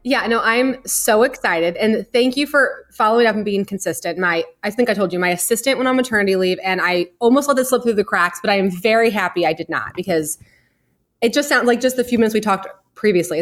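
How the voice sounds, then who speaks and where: A woman in her thirties, a podcast guest, telling her story in a chatty way with many "like"s. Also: medium pitch. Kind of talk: casual interview.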